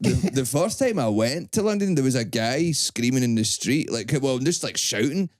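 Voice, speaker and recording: A man's voice: medium pitch, big pitch swings, normal speed, no room sound, clean studio sound. A Scottish man, a comedian guest on a podcast, telling rambling anecdotes full of sweary quoted asides. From Scotland. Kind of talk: casual podcast chat.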